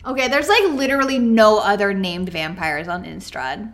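A woman's voice: mid-range voice, moderate pace, a bit bright. A woman co-hosting a podcast in casual chat, upbeat and giggly, with lots of "like". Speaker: podcast co-host. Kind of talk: casual chat about a card game.

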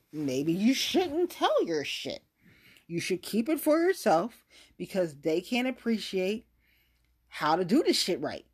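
A woman talks straight to her audience in a loose, swearing rant, exasperated and blunt. Her pitch sits on the low side but swings widely as she vents. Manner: profane, exasperated, talks to the viewer directly. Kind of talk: casual rant monologue.

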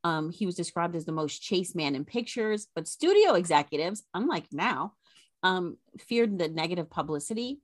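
A woman's voice: fairly low pitch, big pitch swings, moderate pace, dry recording. A woman co-hosting a podcast, animatedly retelling an old scandal with chatty asides. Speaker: podcast co-host. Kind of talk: casual history storytelling.

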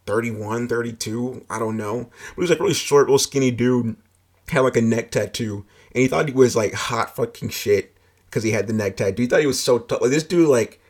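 A man's voice: mid-range voice, brisk, darkish tone. A man telling a personal story in a casual, rambling way, full of filler words and swearing.

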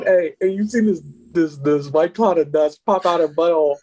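A man telling a profane, animated story as a guest on a casual podcast, often laughing. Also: on the high side, moderate pace, few pauses, background noise.

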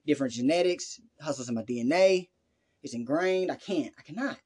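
A man's voice: a little high, animated, fairly quick, a little mellow, husky. Brash profane Southern man on a podcast. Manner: brash, profane, boastful hustle talk. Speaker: podcast co-host. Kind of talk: casual podcast chat.

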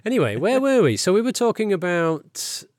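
A man's voice: sits high, big pitch swings, brisk, a little mellow, no echo, clean studio sound. A man hosting a podcast in casual chat, rambling with frequent restarts and asides. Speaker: podcast host.

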